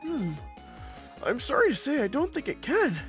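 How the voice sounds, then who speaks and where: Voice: high voice, wildly swooping pitch, normal speed, soft background music, pitched above the performer's own voice. A chirpy little game dog. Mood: eager. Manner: bright, chirpy and eager. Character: small eager loyal male dog. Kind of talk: game dialogue read aloud.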